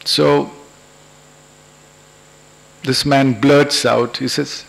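A man's voice: mid-range voice, level tone, gravelly. A man, lecturing and telling an anecdote at a public talk in a convention hall. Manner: unhurried, anecdotal storytelling.

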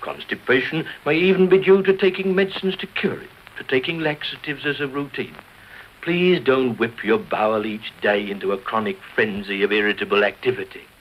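A man's voice: medium pitch, fairly quick, lightly acted. A man playing a solemn health-talk announcer. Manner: solemn, earnest lecturing. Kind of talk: parody radio health talk. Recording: dull old broadcast with faint hiss.

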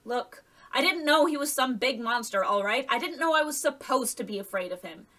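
A stubborn, defiant boy ballplayer in a storybook, voiced by a woman. His voice is bright and a little high, heard from slightly off the mic. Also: lively intonation, a little fast, far from the mic, full character voice.

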